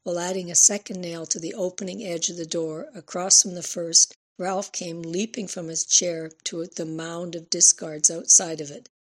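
Audiobook narrator, woman, steady and low. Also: moderate pace, hardly any pauses. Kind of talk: scripted narration.

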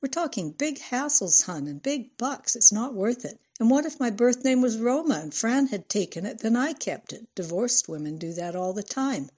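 A woman voicing a husband who reasons and soothes his upset wife, in a husky, mellow voice. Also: on the high side, lively intonation, normal speed, few pauses, pitched above the performer's own voice. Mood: defensive. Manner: reasoning, placating, sighing. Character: middle-aged husband, patient and placating.

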